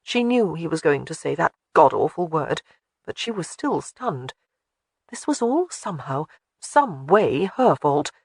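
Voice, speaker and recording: An audiobook narrator reading a historical romance, expressive storytelling at a close studio mic. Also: medium pitch, measured pace, creaky, husky, dry recording. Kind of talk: scripted narration.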